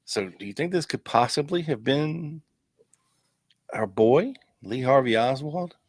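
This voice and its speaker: A podcast host reading through old investigation files, casual and chatty, with wry asides thrown in between the quotes. His voice sits at an ordinary man's pitch. The sound is dry and close, with no room echo. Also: expressive, unhurried. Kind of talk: casual chat, reading documents aloud.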